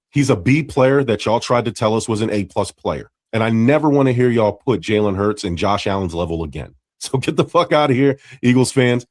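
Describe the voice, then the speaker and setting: A man's voice: medium pitch, a little mellow, no room sound, studio quality. A man giving a blunt, taunting sports opinion rant with some profanity.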